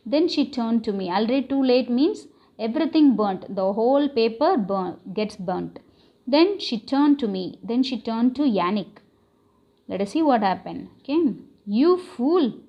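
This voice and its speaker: A woman's voice: a little high, dull audio. Woman teacher, repetitive explaining. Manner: explains slowly with many repetitions and fillers. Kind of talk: classroom lesson explaining an English text.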